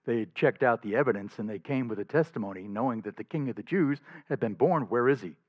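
A male pastor preaching a sermon in an emphatic, animated way, often chuckling between points. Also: mid-range voice, fast talker, no echo. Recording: slightly dull dry recording.

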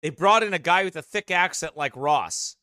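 A man with a high, sharp voice leads a teaching broadcast. He reads passages from a book aloud and keeps cutting in with homespun remarks. The sound is dry and close. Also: lively intonation, normal speed, clear, resonant tone, no echo. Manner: folksy asides between read passages.

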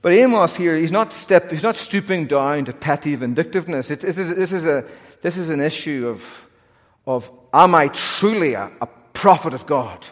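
A male pastor preaching an earnest, animated sermon from the pulpit, with touches of self-deprecating humor. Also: on the high side, normal speed. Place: church sanctuary, pulpit. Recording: long church reverb.

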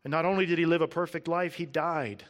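A man preaching a sermon, earnest and emphatic, stressing lists word by word and dropping low and soft at key points. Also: fairly even intonation, quick pace.

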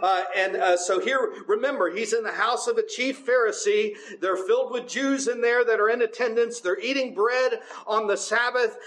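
High-pitched male preacher, conversational sermon delivery. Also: normal speed, few pauses, a bit bright, echoey room, slight background noise, low-quality recording. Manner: conversational, often asks the congregation "right?".

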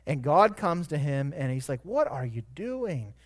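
A man with a high, light voice preaching a sermon. He moves from soft, measured reflection to sudden loud, ringing emphasis on key words. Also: big pitch swings. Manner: dynamic preaching, swelling to loud emphatic peaks. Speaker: pastor.

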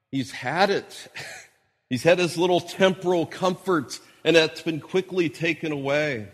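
A man preaching an expository sermon, quoting scripture as he explains the text. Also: mid-range voice. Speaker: pastor. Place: church hall. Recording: church hall recording with long reverb.

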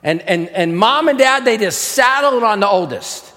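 Man, pastor, sermon, very high voice, emphatic, rhetorical questions, long hall reverb. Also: expressive, normal speed, bright, forceful tone. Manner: conversational teaching with rhetorical questions; emphatic, raises voice for stress.

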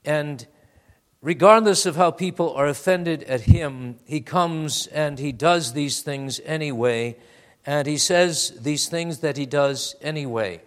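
A man preaching a sermon, reading scripture aloud with slow, stressed phrasing and calling his listeners beloved. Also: a little high. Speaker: pastor.

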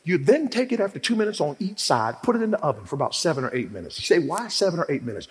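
A man preaching a sermon in a church, animated and humorous, calling on the congregation for amens. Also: fairly high pitch, racing. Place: church hall. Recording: echoey hall.

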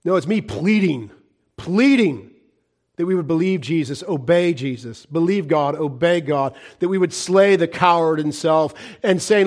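A middle-aged male pastor preaching a fiery sermon, swinging from loud cries to hushed, low warnings. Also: animated, a little slow.

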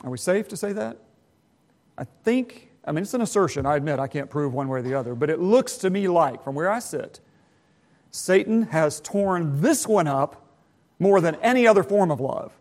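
A man's voice: on the high side, animated, darkish tone. Folksy man teaching in a sermon. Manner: folksy, self-deprecating, halting with restarts. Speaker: teacher giving a talk.

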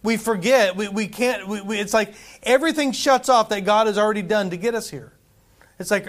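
A man's voice: high voice, a little fast, fairly bright tone. A man preaching a conversational sermon, repeating phrases for emphasis. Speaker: pastor.

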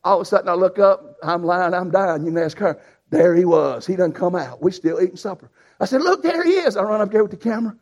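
A preacher who tells a folksy, animated story in a sermon. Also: male voice, sits high, fast talker. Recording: dull lo-fi sound.

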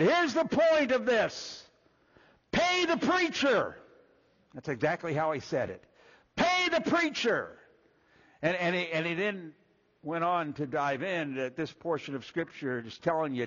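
A man preaching a sermon, folksy and animated, acting out little quoted voices as he walks through Scripture. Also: a little high, highs cut off. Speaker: pastor.

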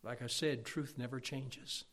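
A man preaching a sermon as pastor, emphatic, his loudness rising and falling. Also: mid-range voice, steady tone, measured pace. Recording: long hall reverb.

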